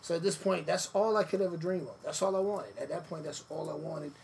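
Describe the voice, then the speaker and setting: A man telling stories in a relaxed sit-down interview, with many fillers, acting out the quotes of others. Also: a little high, fairly quick, vocal fry. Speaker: podcast guest, former wrestler. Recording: noisy room ambience.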